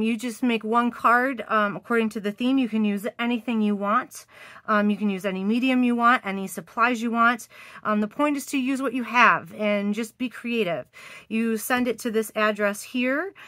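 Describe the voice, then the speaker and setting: A woman's voice: a little high, fairly bright tone, dry recording. A middle-aged woman, congested from allergies, hosting a chatty craft video with lots of ums and enthusiastic praise. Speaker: card swap host. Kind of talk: casual craft video chat.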